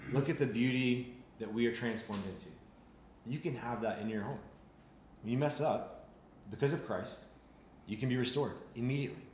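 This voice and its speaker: A man's voice: mid-range voice, normal speed, long pauses, a little mellow. A man gives a conversational sermon in a middle-range voice, often restarting his sentences and leaning on casual filler words. The sound is roomy and echoey, with a faint hum of ambience underneath. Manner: conversational preaching with frequent restarts and "like". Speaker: pastor.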